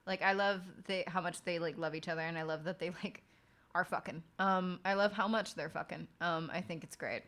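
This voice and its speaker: A woman's voice: fairly low pitch, a little fast, a bit bright. A young woman streamer chatting casually and frankly late at night, swearing often and rambling through stories.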